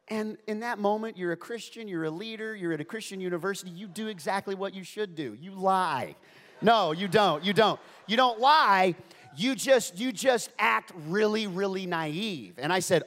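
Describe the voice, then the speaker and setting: Middle-aged man preaching with comic stories, animated and playful, slightly high voice, long hall echo. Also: normal speed. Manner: animated, playful, full of asides. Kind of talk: humorous storytelling sermon.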